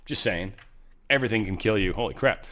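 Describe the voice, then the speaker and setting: A man's voice: on the low side, fairly quick, bright, forceful tone. A man hosting a show, giving casual political commentary in a blunt, rambling way with frequent profanity. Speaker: show host.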